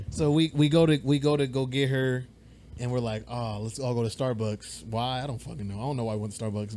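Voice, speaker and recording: A young man co-hosting a casual podcast, his voice sitting at an ordinary middle pitch. He rambles through a story with animated energy, swears freely and acts out the people he quotes. Faint background noise hums under the podcast mic. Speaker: podcast co-host.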